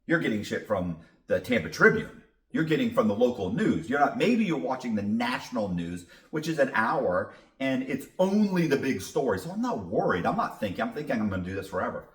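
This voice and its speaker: A man's voice: medium pitch, big pitch swings, a little fast, hardly any pauses, fairly bright tone, far from the mic. A man telling a story as a podcast guest, casual and blunt, swearing freely. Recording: roomy echo.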